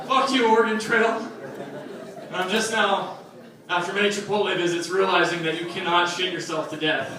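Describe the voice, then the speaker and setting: A man's voice: high-pitched, level tone, fairly quick, background noise. A young man performing a stand-up comedy set, telling loose, profane stories with asides to the audience. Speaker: stand-up comic. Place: comedy club stage. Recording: echoey club sound from a distant mic, crowd laughter. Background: audience laughing.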